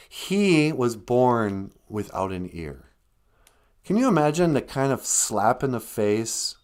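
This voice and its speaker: A man's voice: on the low side, darkish tone. A man hosting a comedic live stream for kids, rambling and self-deprecating with plenty of ums and uhs. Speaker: host of a kids' language show.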